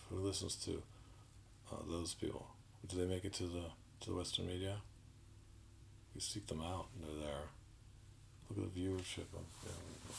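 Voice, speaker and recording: A man delivering an indignant, sarcastic political commentary monologue, halting with frequent restarts. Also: low-pitched, creaky, a bit bright, slight background noise, rough recording.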